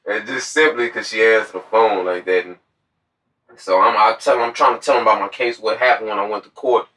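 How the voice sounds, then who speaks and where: A man in his twenties casually telling a story about his past, animated and acting out what others said. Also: fairly low pitch, brisk. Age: 20s. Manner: animated storyteller who acts out quoted voices. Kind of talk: casual chat. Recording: distant from the mic.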